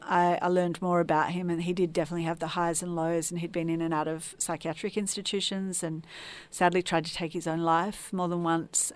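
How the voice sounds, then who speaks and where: A woman from Tasmania, a podcast guest, telling her personal story in an earnest, reflective way. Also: fairly low pitch. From Tasmania, Australia.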